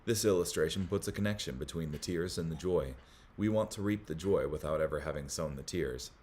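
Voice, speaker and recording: A man hosting a Bible study, reading commentary aloud in a measured way, with small slips that he corrects as he goes. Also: rumbling low, a little mellow, slight background noise.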